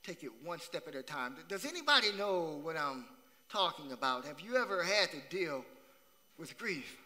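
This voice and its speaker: A man's voice: on the high side, sing-song, moderate pace, sharp tone. A man preaching a sermon as pastor, repeating phrases for emphasis and asking the congregation questions. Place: church sanctuary. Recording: long church hall reverb.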